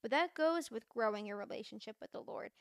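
A young woman with a slightly high voice hosts a podcast in an earnest, chatty way. She leans on fillers and restarts her sentences often. The sound is dry and close, with no room echo. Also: animated, a little fast. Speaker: podcast host. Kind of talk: casual faith talk to listeners.

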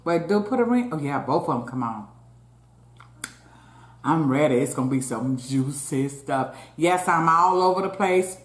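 A woman with a low-pitched voice and lively intonation hosts a casual mukbang at a normal speed, chatting with her viewers between bites. She keeps calling out to them in a chatty way, and the recording has a roomy echo.

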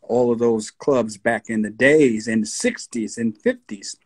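A man in his sixties with a New York accent, a guest recalling his past in a relaxed storytelling interview. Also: mid-range voice. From United States. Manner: slow, unhurried storyteller with husky tone, breaks into voices of radio DJs.

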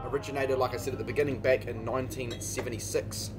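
A man's voice: medium pitch, fairly even intonation, quick pace, over music. A young man with a New Zealand accent hosting a casual beer tasting, swearing freely and laughing often. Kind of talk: casual chat.

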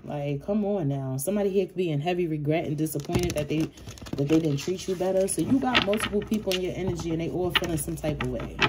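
Woman w/ aave doing a tarot reading, low voice, cusses a lot, noisy background. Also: a little fast. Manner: blunt, profane, chuckles nervously. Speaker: tarot reader. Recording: audible background noise.

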